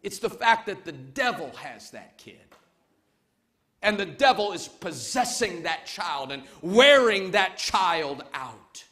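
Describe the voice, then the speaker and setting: Bright high-voiced pastor preaching slowly. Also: male voice, very animated. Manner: emphatic, swings from loud calls to quiet urging. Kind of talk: sermon. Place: church service before a congregation.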